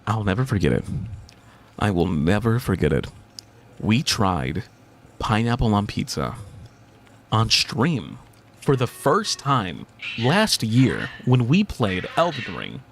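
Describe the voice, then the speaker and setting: A young man streamer in casual chat, rambling and animated, swearing casually and laughing often. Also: mid-range voice.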